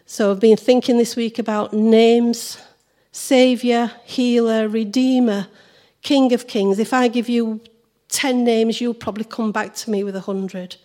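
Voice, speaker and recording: Woman service leader, croaky voice, cheerful and prayerful, reads scripture in church. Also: fairly high pitch, fairly even intonation, a little slow, mellow. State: hoarse. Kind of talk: leading prayer and reading scripture.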